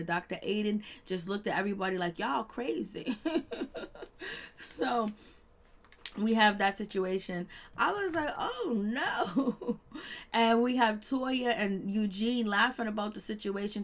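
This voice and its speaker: A woman with talks through a reality TV episode in a loose, chatty way. She laughs a lot and slips into lively voices when quoting people. Her voice sits in a middle pitch. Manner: chatty, laughing, acts out quotes in animated voices. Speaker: reality TV recap host. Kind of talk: casual recap commentary.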